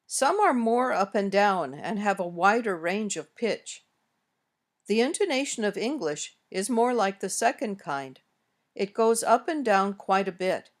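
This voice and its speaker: An American woman reading a scripted English lesson, modeling sentences slowly and carefully as a teacher. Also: mid-range voice, very animated. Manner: slow, careful, clearly modeled example sentences. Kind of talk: scripted instructional narration.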